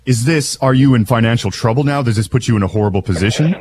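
A man's voice: mid-range voice, fast talker, darkish tone, slight background noise. A male radio host interviewing a guest, asking empathetic, probing questions.

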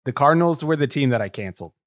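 A man's voice: medium pitch, lively intonation, very fast, no echo. A man podcast host giving dry, blunt analysis in casual sports chat.

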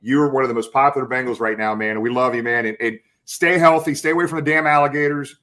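A man's voice: medium pitch, fast talker, pushed and bright. List: man, sports host, hyped, chummy, mid-range voice. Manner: hyped, calls guest brother and man. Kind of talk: casual sports talk.

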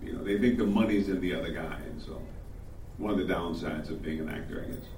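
A man's voice: low-pitched, fast talker, darkish tone, slight background noise. Older man telling anecdotes, echoey hall. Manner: chatty, anecdotal, chuckles often. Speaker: actor. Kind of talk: panel Q&A storytelling. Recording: echoey room, distant mic, faint ambience.

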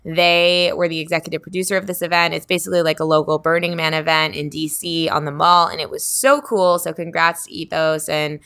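Bright-voiced chatty woman podcast host. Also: sits low, fairly even intonation, brisk, hardly any pauses, clean tone. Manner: bubbly, laughing, chatty with fillers. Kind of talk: casual podcast chat.

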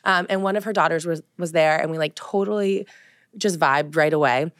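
A woman in her thirties with a New Jersey accent, co-hosting a podcast in casual chat, blunt and quick to swear while acting out stories. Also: sits low, dry recording, clean studio sound. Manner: blunt, swears freely, animated retellings. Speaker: podcast co-host.

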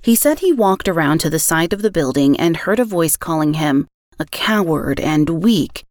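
A woman hosting a podcast, reading a scripted true-crime story in a measured way that slows on grim details. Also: lowish voice, no echo, clean studio sound. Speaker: podcast host.

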